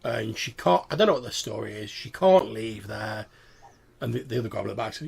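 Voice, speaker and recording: Game master with a gravelly voice. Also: male voice, on the low side, animated, a little fast, darkish tone. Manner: casual, swears freely. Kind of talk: narrating a tabletop game.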